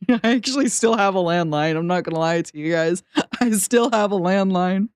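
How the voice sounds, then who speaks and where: A woman's voice: on the low side, moderate pace, clean tone. A woman streamer chatting casually and giggling while reacting to a video.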